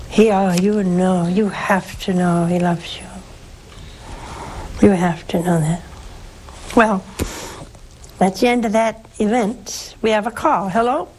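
An older woman, a nun, preaching and counseling callers on a religious call-in show, slow and emphatic, leaping up in pitch for stress. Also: steady tone, a little mellow, a little hiss or hum, low-quality recording.

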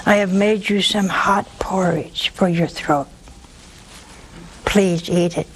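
A woman doing a gentle, calm friar. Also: medium pitch, takes it slowly, a little hiss or hum, poor audio. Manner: calm, earnest. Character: gentle, calm male friar, kind and simple.

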